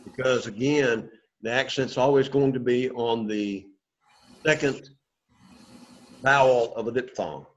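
Unhurried and pausing often, a mid-range male voice patiently guides a Greek class to repeat words after him. It's a call-and-response lesson caught in a dull, lo-fi classroom recording.

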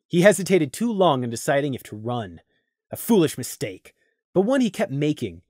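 A male narrator reads a fantasy story with dramatic, animated delivery, his pitch swinging widely. His voice sits a little high for a man. The recording is close and dry, with no room sound. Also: no room sound. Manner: expressive, dramatic reading. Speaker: voice actor narrator. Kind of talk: audiobook reading of a fantasy story.

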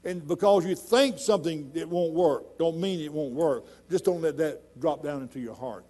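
A middle-aged man preaching a sermon in a church, folksy and conversational, building to loud emphatic points. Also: fairly high pitch, normal speed. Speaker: pastor.

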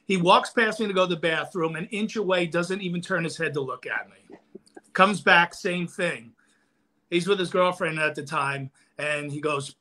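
A man's voice: a little high, normal speed. A man telling a stand-up comedy story casually on a podcast, acting out the quotes. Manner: animated, acts out quotes. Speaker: guest comedian. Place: podcast studio.

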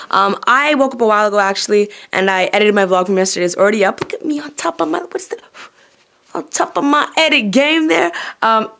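A young woman in her twenties talking to camera at home in a chatty, slangy daily vlog. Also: on the high side. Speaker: vlogger. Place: at home, indoors.

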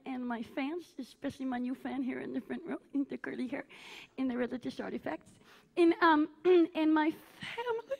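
A woman's voice: very high-pitched, creaky. A woman playing a needy, self-obsessed aging female cabaret diva, gushing and melodramatic as she teases the audience from a theatre stage. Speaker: cabaret performer. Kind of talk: live stage character comedy.

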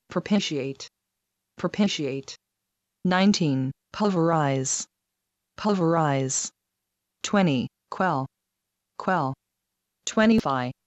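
A woman reading a numbered vocabulary list, saying each word twice in a measured, deliberate way. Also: on the low side, no echo. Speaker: vocabulary reader.

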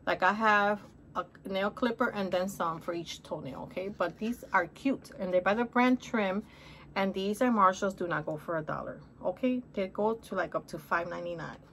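A woman's voice: medium pitch, normal speed, a bit bright, slight background noise. A middle-aged woman with a Spanish accent, chatting upbeat through a shopping haul and calling viewers honey. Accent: Spanish-accented English. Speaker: haul vlogger. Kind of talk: casual shopping haul chat.

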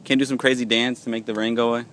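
A man's voice: mid-range voice, little pitch movement, very fast, a bit bright. Man off-camera, teasing interviewer, outdoor set, light noise behind. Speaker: camera operator asking questions. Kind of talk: casual banter. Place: outdoors at a video shoot.

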